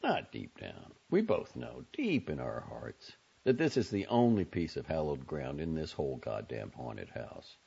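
A man's voice: rumbling low, huge pitch swings, a little slow, gravelly, hardly any pauses, dark tone, breathy edge, exaggerated voice. A man voicing a glib, outspoken young man in an audiobook reading, wry and sardonic. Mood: teasing. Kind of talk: audiobook character voice. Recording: dull lo-fi audio.

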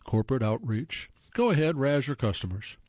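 A man's voice: medium pitch, very animated, normal speed, a little mellow, no room sound, highs cut off. A man giving scripted comedic narration with a wry, playful delivery.

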